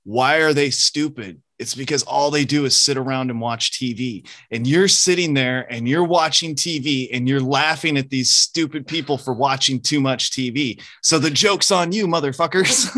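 A man in his forties in a casual podcast chat, talking in an animated way, swearing freely and laughing at his own jokes. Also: medium pitch, moderate pace, dry recording. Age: 40s. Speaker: podcast co-host or guest.

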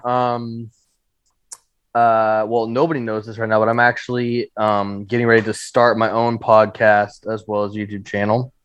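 Male podcast guest from Oregon, lower voice, chatty and upbeat. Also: little pitch movement, normal speed, smooth, no echo, dull audio. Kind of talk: casual podcast chat.

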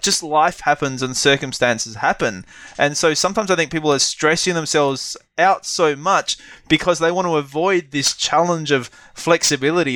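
A man's voice: fairly high pitch, a bit bright, dry recording. A man co-hosting a podcast in a casual, reflective chat, rambling a little and restarting his sentences. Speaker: podcast co-host.

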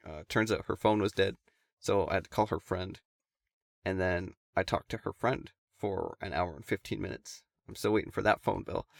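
A man's voice: sits low, fairly even intonation, normal speed, vocal fry, no echo, clean studio sound. A man casually telling a long story to friends, swearing and laughing as he goes.

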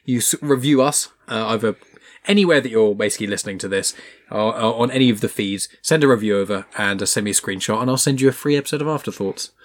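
A man's voice: fairly low pitch, quick pace. A man, hosting a podcast and chatting casually as he closes the episode. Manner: chatty, wraps up with plugs. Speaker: podcast host. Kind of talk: casual chat and show outro.

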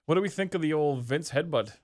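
A man's voice: a little high, expressive, a little fast, darkish tone, no echo. A man talks in a slightly raised voice, bantering loosely and swearing freely as a podcast co-host. The sound is dry and close, with no room around it. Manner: loose, profane, jokey banter. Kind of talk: casual chat.

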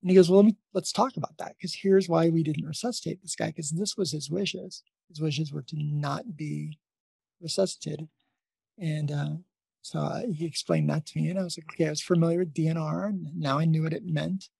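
A man with a gravelly, husky voice tells a story from his nursing life in a loose, rambling way, often restarting his sentences. The sound is dry and close. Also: a little high, fairly even intonation, moderate pace, mellow, no echo. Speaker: nurse and podcast host. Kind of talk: casual interview storytelling.

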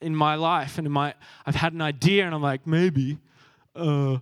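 A man's voice: a little high, fairly even intonation, normal speed, no room sound, clean studio sound. A young man preaching a sermon, earnest and self-deprecating, laughing at himself as he goes.

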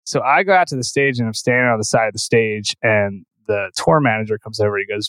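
A man's voice: on the low side, quick pace, hardly any pauses, fairly bright tone, dry recording, poor audio. A man guest on a podcast, telling tour stories in a rambling, profane way and saying "like" constantly. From Philadelphia. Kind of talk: casual storytelling.

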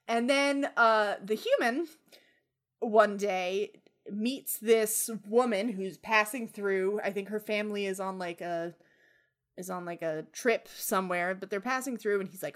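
A woman's voice: medium pitch, normal speed. A young woman casually retelling a legend on a podcast, rambling, swearing freely and giggling. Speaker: podcast co-host. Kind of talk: casual storytelling.

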